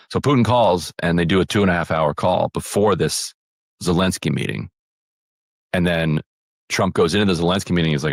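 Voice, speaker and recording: A man with an extremely deep voice discusses politics in a loose, rambling podcast style. He restarts sentences often and paraphrases what others said. The sound is dry and close to the mic. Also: fairly quick, no room sound. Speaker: podcast co-host.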